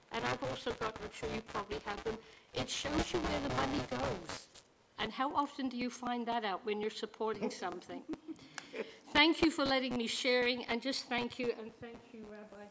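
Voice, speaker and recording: Gravelly-voiced woman chatting to a congregation. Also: a little high. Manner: chatty, tells stories with quoted dialogue. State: recovering from losing her voice. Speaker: congregant sharing a milestone. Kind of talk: informal speech to a congregation. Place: temple sanctuary. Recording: noisy livestream recording.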